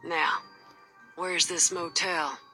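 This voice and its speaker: An actress voicing a tough, cold female mercenary in a video game, with a gruff, threatening, folksy drawl. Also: lowish voice, steady tone, extremely slow, sharp tone, faint music behind, heavily acted, rough recording. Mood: dismissive. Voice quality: husky.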